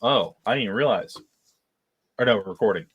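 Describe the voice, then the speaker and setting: A man's voice: fairly low pitch, animated, a little fast, husky, highs cut off. A man co-hosting a casual sports podcast, joking and cursing playfully. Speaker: podcast co-host.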